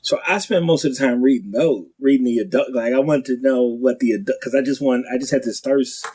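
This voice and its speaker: On a podcast, a male guest comedian talks loosely through lively stories, frequently restarting and performing the quotes. His mid-range voice is husky, and the recording is rough.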